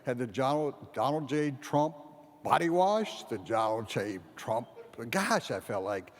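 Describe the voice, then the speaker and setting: A man with a mid-range, lively voice delivers a humorous keynote at a measured pace in a large event hall. He rambles through a comic story and acts out the dialogue, with long hall reverb and faint background ambience.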